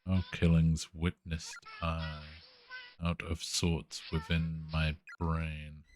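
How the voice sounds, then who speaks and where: A remorseful haunted antique doll spirit, as a man reads it aloud from a horror game. The voice is very low, slow and hushed, with a sing-song lilt to the recitation. Faint game music plays underneath. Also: monotone. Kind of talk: reading game dialogue aloud.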